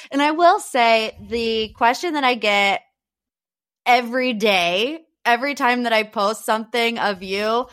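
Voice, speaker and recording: A woman's voice: fairly high pitch, fairly bright tone, clean tone. A young woman hosting a podcast, chatting in a giggly, teasing way. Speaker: podcast host. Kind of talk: casual chat.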